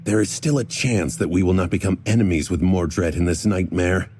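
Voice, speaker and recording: A man's voice: low-pitched, moderate pace, darkish tone, a little hiss or hum, lightly acted. A male narrator voicing a wary, tense young man in an audiobook.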